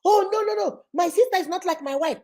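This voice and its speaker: A woman voicing an indignant married man who hits his wife, talking high and agitated. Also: a little fast, darkish tone.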